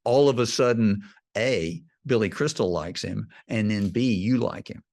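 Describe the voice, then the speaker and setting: Guest: male screenwriting teacher, lowish voice, animated emotional storyteller. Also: measured pace. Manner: animated retelling, gets choked up. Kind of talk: casual storytelling interview.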